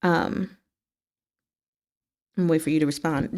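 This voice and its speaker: A woman with a slightly low voice hosts a relaxed book club livestream. She chats loosely and answers her viewers' comments. Her pitch keeps leaping up on exclamations before it settles back down. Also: a little slow, clean tone. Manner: chatty, animated pitch swings, talks back to chat. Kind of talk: casual livestream chat with viewers.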